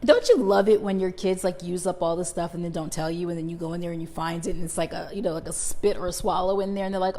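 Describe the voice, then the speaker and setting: A woman's voice: on the low side, fairly even intonation, fairly quick, darkish tone. Chatty woman cooking live. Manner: chatty, addresses viewers as y'all. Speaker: cooking show host. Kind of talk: live cooking stream chat. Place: home kitchen. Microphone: connected microphone, moving around the house.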